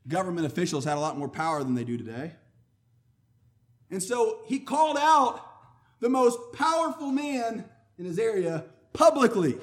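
High-voiced man preaching a sermon. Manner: emphatic, swinging from loud declarations to low quiet asides; conversational, personal storytelling.

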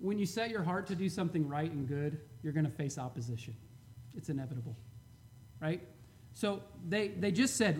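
A man preaching a sermon to his church, fervent and emphatic, swinging from loud to quiet and chuckling between points. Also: fairly high pitch, animated, brisk. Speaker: pastor.

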